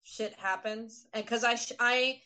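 A woman co-hosting a wrestling podcast, talking in a relaxed, casual way. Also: on the high side, unhurried, rough recording. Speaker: podcast co-host. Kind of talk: casual chat.

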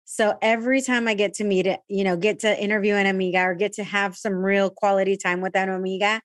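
A woman's voice: mid-range voice, level tone, fast, no echo, clean studio sound. A woman hosting a podcast, chatty and gushing, sprinkling Spanish words into her English. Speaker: podcast host. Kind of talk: casual interview chat.

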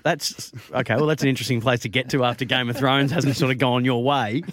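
Teasing sports radio host. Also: male voice, medium pitch, steady tone, fast talker, a bit bright, no echo, studio quality. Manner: jokey, teasing, laughs often. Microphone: studio mic.

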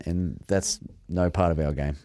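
A man's voice: deep voice, fairly even intonation, measured pace, mellow, dry recording, clean studio sound. A man talking rugby in a casual chat, giving blunt, emphatic opinions. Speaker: rugby pundit.

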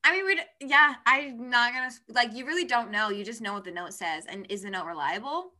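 A woman's voice: a little high, fairly quick, sharp tone. A woman co-hosting a podcast, chatting enthusiastically about books and reading passages aloud. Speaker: podcast co-host. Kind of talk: casual chat about books.

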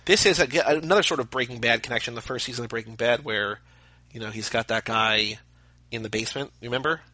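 Guy cohosting a movie podcast, bright voice, rambly jokey asides, dry mic. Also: mid-range voice, fast, no echo, poor audio. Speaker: podcast co-host. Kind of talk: casual movie commentary chat.

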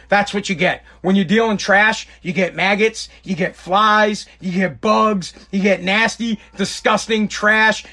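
A man's voice: high-pitched, pushed and bright. A man in his thirties hosting a podcast, ranting casually with plenty of swearing and repetition. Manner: ranting, profane, repeats himself. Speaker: podcast host. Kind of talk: casual rant.

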